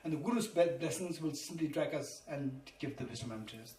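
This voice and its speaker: A man's voice: fairly high pitch, brisk, warm tone. A man giving a Buddhist teaching, emphatic and repetitive, spelling terms out letter by letter. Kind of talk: dharma lecture. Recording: roomy, distant mic, faint noise.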